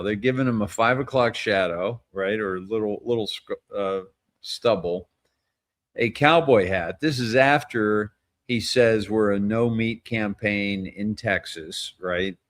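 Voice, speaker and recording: A man hosting his own show in casual political commentary, rambling, blunt and profane, breaking into chuckles often. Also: fairly low pitch. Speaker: host.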